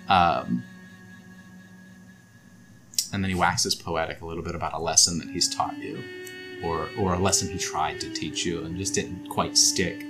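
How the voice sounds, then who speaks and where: A man's voice: low voice, fairly even intonation, normal speed, over music. A man narrating as game master of a tabletop game, laid-back and hesitant, with frequent ums.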